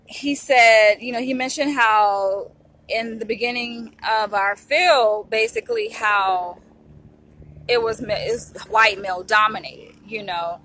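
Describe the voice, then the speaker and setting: A woman's voice: fairly high pitch, measured pace, sharp tone, slight background noise. A young woman chatting to camera in a vlog, emotional and talkative, often turning to speak straight to her viewers. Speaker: vlogger, psychology trainee. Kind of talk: casual chat to camera.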